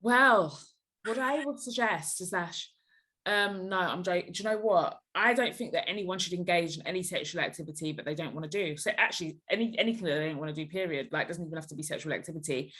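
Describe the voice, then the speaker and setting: A woman's voice: on the low side, fast talker. A young woman as a podcast guest, giving blunt, emphatic advice in a casual chat. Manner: emphatic, blunt, animated reactions.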